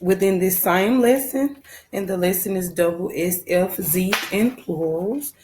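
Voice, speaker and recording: A woman's voice: mid-range voice, a little slow, a little mellow, slight background noise. A woman first grade teacher with a Southern American accent, patiently walking young children through a phonics lesson and repeating her instructions.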